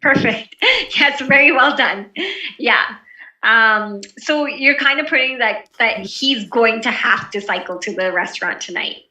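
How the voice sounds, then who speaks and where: Woman instructor on a video call, bright and fairly high, encouraging tone, echoey room. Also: unhurried, far from the mic. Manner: relaxed and encouraging, with many fillers. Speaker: presentation skills instructor. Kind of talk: online class teaching.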